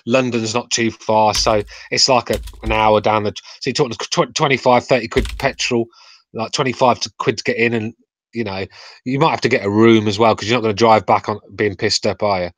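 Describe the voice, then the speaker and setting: Быстрый грубоватый английский мужчина. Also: male voice, fairly low pitch, fairly even intonation, fairly bright tone. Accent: English Midlands. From England. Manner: blunt, swears freely, rapid banter. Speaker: podcast co-host. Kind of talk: casual chat.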